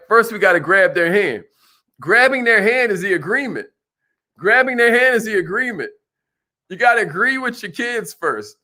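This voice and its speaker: A man giving an animated motivational sales seminar, calling out to the audience. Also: high-pitched. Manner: animated, preacherly, calls out to the audience. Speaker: sales trainer.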